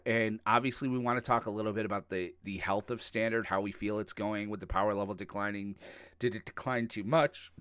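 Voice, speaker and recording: A man's voice: mid-range voice, fairly bright tone, clean tone, no room sound, studio quality. A man co-hosting a podcast in a casual, jokey, rambling way, laughing often. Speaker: podcast co-host. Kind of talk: casual chat.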